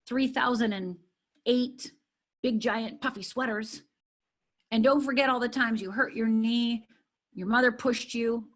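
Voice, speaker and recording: A middle-aged woman coaching and teaching, talking in an animated way and acting out little scenes. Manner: animated, acts out a crying baby in a high voice. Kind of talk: teaching talk.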